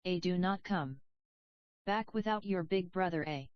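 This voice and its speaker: A woman voicing a big, ugly, possessive old toad mother, gruff and coarse, in a dull lo-fi recording. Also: lowish voice, unhurried, no room sound, lightly acted.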